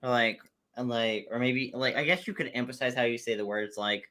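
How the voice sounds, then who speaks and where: A man's voice: medium pitch, steady tone, brisk, pushed and bright. A young man co-hosting a livestream review, chatting casually and rambling with lots of fillers. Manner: rambling, heavy on fillers, laughs often.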